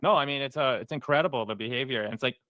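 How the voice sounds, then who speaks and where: A man's voice: mid-range voice, racing, sharp tone, no room sound. A man in casual chat, rambling and slangy, calling others bro.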